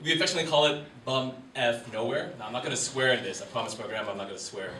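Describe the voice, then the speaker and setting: Self-deprecating comedian in a roomy club. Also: male voice, mid-range voice, racing, pushed and bright. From Wisconsin, USA. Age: 30s. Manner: self-deprecating, rambling with fillers. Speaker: stand-up comedian. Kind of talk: live stand-up set. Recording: roomy live venue, distant mic, crowd ambience. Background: room noise and audience.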